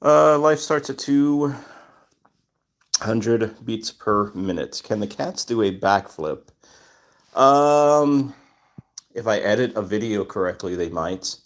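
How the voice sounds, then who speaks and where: Speaking slowly with frequent pauses, a man with a lowish but animated voice hosts a relaxed livestream. He greets viewers by reading their chat names and responds to their questions.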